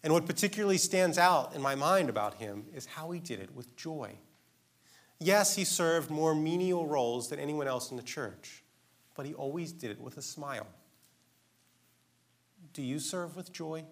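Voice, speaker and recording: A man's voice: a little high, animated, moderate pace. A man preaching a sermon in an earnest, emphatic way, asking his listeners direct questions.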